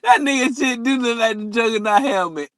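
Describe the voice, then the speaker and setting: A man's voice: very high-pitched, fairly quick, fairly bright tone, no echo. A man in casual, profane boxing banter, often breaking into laughter. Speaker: co-host.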